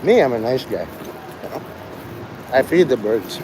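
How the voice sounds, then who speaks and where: A man's voice: mid-range voice, sing-song, normal speed, noisy background. A man vlogging outdoors in a city street, rambling with sardonic asides. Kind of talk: rambling live street vlog.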